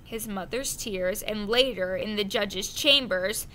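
A woman reading a children's adventure novel aloud, slow and careful, with the odd slip of the tongue. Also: mid-range voice, sharp tone. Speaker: audiobook reader. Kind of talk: storybook narration.

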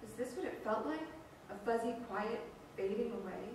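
Woman reader, expressive first-person narration; a bit high, distant mic in a very reverberant room. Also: normal speed. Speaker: professional reader. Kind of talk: live reading of a novel. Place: library event room. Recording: echoey room from far off, faint noise.

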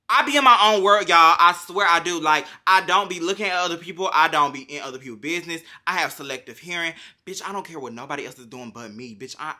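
A man's voice: on the high side, bright, forceful tone. A man vlogger telling a story in a casual rant, dramatic and full of profanity and slang.

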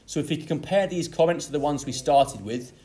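A man's voice: fairly high pitch, a little fast, mellow. Man teaching poetry exam technique. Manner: explanatory, emphasizes key words. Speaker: English literature teacher. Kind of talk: exam tutorial lesson.

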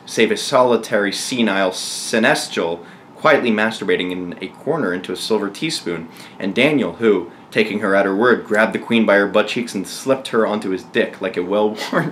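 Deep-ish guy reading a dirty story out loud, keeps chuckling, slight hiss. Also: moderate pace. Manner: chuckles through the punchlines. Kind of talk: reading a bawdy tale aloud.

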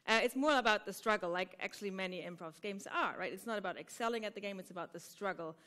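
A woman's voice: medium pitch, quick pace, a bit bright. A woman teaching improv who explains a game step by step to a conference audience, often checking in with "right?". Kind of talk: conference talk.

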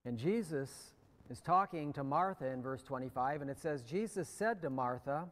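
An American man preaching a sermon as pastor, slow and deliberate, letting phrase endings drop quiet. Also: a little high, animated, long reverb tail. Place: church sanctuary.

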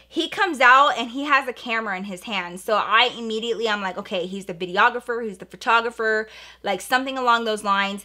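Young woman vlogger telling a storytime, bright punchy voice, super animated, lots of slang. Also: a little high. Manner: animated, expressive storytelling with slang and quoted dialogue. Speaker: makeup artist and YouTuber. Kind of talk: storytime vlog while doing makeup.

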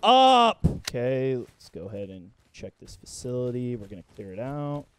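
A young man giving excitable, profane gameplay commentary, breaking into yelps and shouts as he plays. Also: medium pitch, moderate pace, slight background noise. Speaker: gaming content creator.

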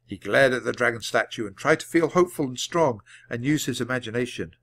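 A man reading a children's storybook aloud at a natural, measured pace for learners. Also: mid-range voice, expressive, fairly bright tone. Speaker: audiobook reader. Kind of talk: storybook narration read aloud.

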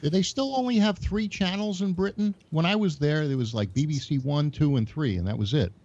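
A man's voice: a little high, animated, brisk, a little mellow. Panelist: man, short questions and interjections, muffled lo-fi audio. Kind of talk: casual panel chat.

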